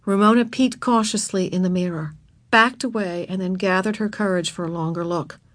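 A woman's voice: medium pitch, moderate pace, no echo. A woman reading a children's chapter book aloud, narrating expressively and voicing the characters.

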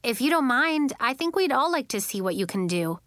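Woman doing a friendly bossy young girl, storybook voice, slightly raised pitch, dry sound. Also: sing-song, a little fast, a bit bright, no echo. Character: confident, kind young girl flyer.

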